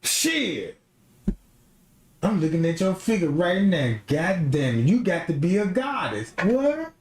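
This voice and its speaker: A man's voice: fairly high pitch, unhurried, slight background noise. Young guy going off on his live stream, echoey room. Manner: animated, slips into mocking impressions. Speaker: livestream host. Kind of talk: casual livestream rant.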